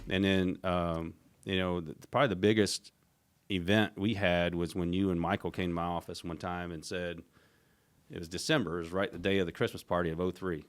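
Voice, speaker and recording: A middle-aged man, an interview guest recounting a story in a casual, animated way, acting out what others said. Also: low-pitched, brisk. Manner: animated retelling, acts out quoted voices, frequent restarts. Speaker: interview guest, former team executive.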